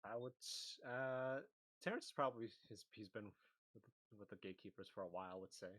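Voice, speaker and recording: A man playing in a tabletop game, talking informally with halting restarts. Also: fairly low pitch, a bit bright. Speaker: player. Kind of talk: tabletop game role-play.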